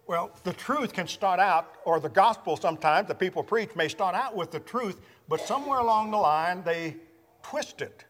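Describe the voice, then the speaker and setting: A man preaching a sermon, teaching from scripture in a measured, emphatic way. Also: on the high side, fairly bright tone, long reverb tail.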